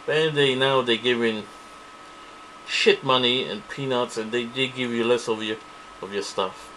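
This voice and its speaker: A vlogger rants angrily to camera in a medium-pitched, bright, pushed voice at a moderate pace, swearing and circling back to the same complaints again and again. The audio is poor, with slight background noise.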